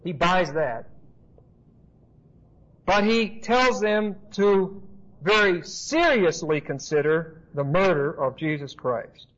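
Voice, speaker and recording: Brief: emphatic male Bible teacher, high voice, dull lo-fi recording. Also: animated, takes it slowly, fairly bright tone. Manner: explanatory, emphatic, with asides and rhetorical questions.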